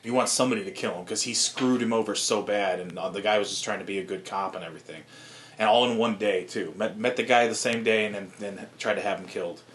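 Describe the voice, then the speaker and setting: A man's voice: lowish voice, fast, fairly bright tone, a little hiss or hum. A man in his thirties co-hosting a podcast, talking loosely and profanely, laughing often. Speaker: podcast co-host. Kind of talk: casual chat.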